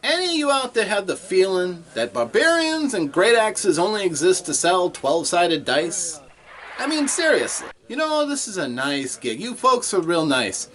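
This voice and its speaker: A man's voice: high voice, sing-song, moderate pace, a bit bright. A man playing a boastful adventuring bard doing stand-up comedy, joking and laughing at his own puns. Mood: cheesy.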